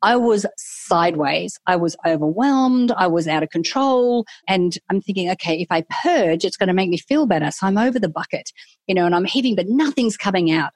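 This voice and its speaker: A middle-aged woman tells a personal story in a casual, candid way. Her voice sits a little low for a woman, and she lively acts out her own thoughts. The sound is dry and close, with no room echo. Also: a little fast. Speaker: guest.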